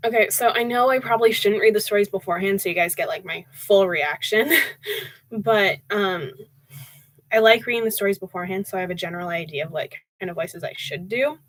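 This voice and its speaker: A young woman reads a storybook aloud on a live stream. Her voice sits mid-pitched and she talks casually and chattily between passages. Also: brisk, a little hiss or hum, rough recording. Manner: chatty, with fillers and laughs between reading. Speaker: audiobook reader and streamer.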